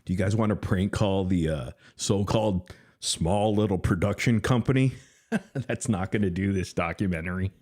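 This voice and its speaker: A man's voice: deep voice, normal speed, darkish tone. A man hosting a livestream commentary, mocking and laughing often. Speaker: host.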